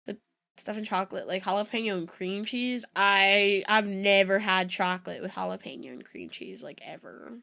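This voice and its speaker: A young adult woman, a native Spanish speaker, chats casually with her stream audience in a mid-range, gravelly voice that is bright and forceful. Talking at a normal speed, she rambles and giggles between asides in a relaxed reaction-stream style.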